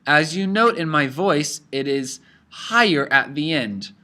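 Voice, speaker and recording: A man's voice: a little high, animated, a little slow, pushed and bright. A man teaching a lesson, explaining patiently in English mixed with phrases. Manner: upbeat, explains patiently, mixes Spanish into English. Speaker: Spanish teacher. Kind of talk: language lesson.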